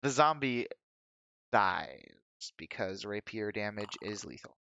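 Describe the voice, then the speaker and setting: Gravelly-voiced man running a tabletop game. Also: on the low side, slow, no room sound. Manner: relaxed, explains rules, joking asides. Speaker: game master.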